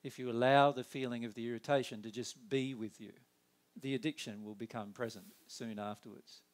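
A man giving a conversational spiritual talk, animated and acting out inner dialogue in quick put-on voices. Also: medium pitch. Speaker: spiritual teacher.

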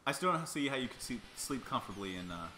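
A young man hosting a casual co-op let's play, excitable and full of playful trash talk. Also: medium pitch, quick pace, slight background noise. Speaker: gaming channel host. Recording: echoey room with game music.

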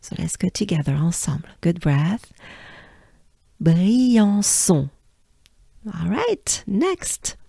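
A French-accented woman leads a pronunciation lesson, taking her time and repeating each sound. Her voice is low, gravelly and dry, as if recorded close in a small, dead room. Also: animated, dark tone, dry recording. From France. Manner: patient, encouraging, drawn-out demonstrations. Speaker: pronunciation coach. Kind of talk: pronunciation lesson, slow and repetitive.

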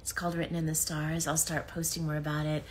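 A woman's voice: low voice, monotone, fast talker, a little hiss or hum. A woman chatting casually on a livestream as she signs autographs, reading fan comments aloud and laughing often. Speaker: voice actress signing autographs on a livestream. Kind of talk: casual live chat while signing.

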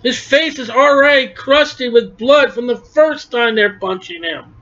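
Man preaching, high voice, impassioned, murmurs then shouts, dull lo-fi recording. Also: unhurried. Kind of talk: sermon.

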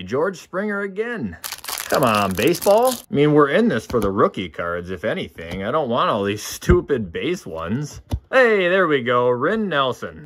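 A young man chatting casually in a vlog, excited and chatty as he opens packs in his home basement, swearing now and then. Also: on the high side. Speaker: vlogger. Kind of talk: casual card-opening vlog.

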